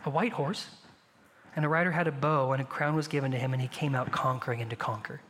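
A man preaching a sermon as pastor, conversational and animated, asking the congregation rhetorical questions. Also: medium pitch, fast, in a large hall, slight background noise.

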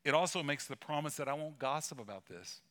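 Bright-voiced male pastor preaching. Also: on the high side, expressive, brisk. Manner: conversational, emphatic, with asides and humor. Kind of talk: sermon.

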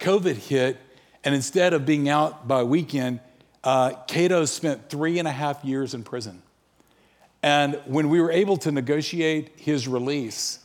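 A man preaching a sermon, telling stories and acting out the quoted dialogue. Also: on the high side. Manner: animated, acts out quoted dialogue. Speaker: pastor. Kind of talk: sermon storytelling.

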